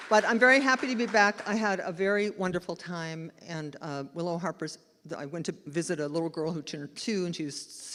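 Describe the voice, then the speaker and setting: A woman minister giving a lively, chatty storytelling sermon at a live church service. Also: fairly low pitch. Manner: chatty and animated, laughing as she tells the story. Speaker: spiritual director and minister. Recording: long hall reverb in a church.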